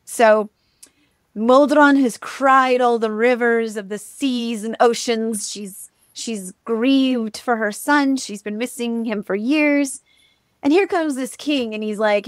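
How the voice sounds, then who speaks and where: A chatty woman co-host tells a myth in a loose, animated way, filling her speech with ums and likes. Her voice sits fairly high, and the sound is close and dry with no room. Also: takes it slowly, no echo. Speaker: podcast co-host. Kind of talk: casual storytelling chat.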